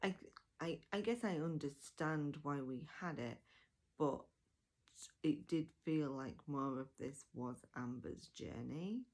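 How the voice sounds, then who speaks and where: Low gravelly woman chatting about an audiobook, slow and easygoing, lots of ums. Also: a little mellow. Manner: chatty and enthusiastic, with laughs, fillers and self-corrections. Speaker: audiobook reviewer. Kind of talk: casual spoken review.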